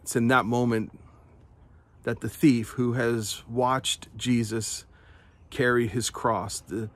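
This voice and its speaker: A man speaking as a pastor in a slow, deliberate devotional talk. His voice sits at an ordinary middle pitch, and he is earnest and unhurried, often doubling a word before he goes on. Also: fairly even intonation.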